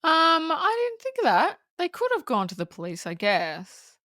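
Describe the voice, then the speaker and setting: A woman co-hosting a podcast, recapping a horror film in casual, profane, animated chat and acting out the characters' lines. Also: sits high, normal speed, no echo, studio quality. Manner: profane, animated plot recapping with acted-out quotes. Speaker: podcast co-host.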